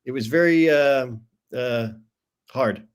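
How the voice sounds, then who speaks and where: A man's voice: mid-range voice, slow, clear, resonant tone. A man co-hosting a show on writing comics, talking casually with some hesitation. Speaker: co-host, comic writer. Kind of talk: casual chat.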